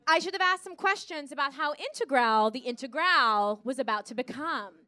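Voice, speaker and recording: American woman comic in her thirties, high bright voice, storytelling stand-up full of acted voices. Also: normal speed. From United States. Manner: animated storytelling, acts out voices, laughs at her own jokes. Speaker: stand-up comedian. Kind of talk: live stand-up routine. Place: comedy stage in front of a live audience.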